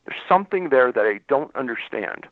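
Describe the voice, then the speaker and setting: A man's voice: mid-range voice, animated, brisk, no room sound. A man, a former law enforcement investigator, telling a story as a radio interview guest and acting out the dialogue. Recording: dry, tinny phone line.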